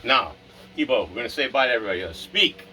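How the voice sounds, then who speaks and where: Rambling man, bright voice, distant mic. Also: medium pitch, lively intonation, fast, soft background music. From Rhode Island. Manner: rambling, talks to his dog. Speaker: vlogger. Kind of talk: casual chat.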